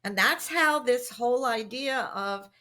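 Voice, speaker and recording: On a podcast interview, a middle-aged woman with a voice on the high side talks at a measured pace. She's an expert on workplace communication, bringing her workplace anecdotes to life by acting out what people said.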